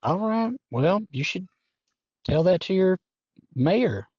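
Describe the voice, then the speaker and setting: A man co-hosts a podcast with deadpan, sardonic remarks. His remote mic sounds dry and close, with slightly dull, lo-fi quality. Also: high voice, takes it slowly, breathy edge, no room sound. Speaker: podcast co-host. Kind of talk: casual podcast chat.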